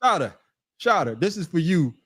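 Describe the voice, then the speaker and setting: A man's voice: on the high side, very animated, moderate pace, breathy edge. A man hosting a sports podcast in casual chat, laughing and repeating himself. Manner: laughing, repetitive. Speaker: podcast host.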